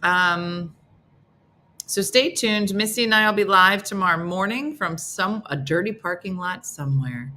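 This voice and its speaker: A woman's voice: unhurried, bright, forceful tone, slight background noise. A middle-aged woman hosting a casual live morning chat, playful and teasing as she talks to her viewers. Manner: playful, teasing, bursts into high silly voices for others. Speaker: live show host.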